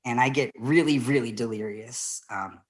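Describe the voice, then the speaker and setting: A woman born in the Philippines performing a virtual stand-up set over a video call, rambling and giggling mid-sentence and dropping into soft, quiet asides. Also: very deep voice, normal speed. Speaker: stand-up comedian.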